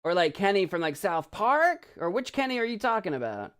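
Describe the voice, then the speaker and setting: Lively, rambling American man streaming. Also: high-pitched, brisk, smooth. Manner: rambling, giggly, reads viewer comments aloud. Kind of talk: casual live-stream chat.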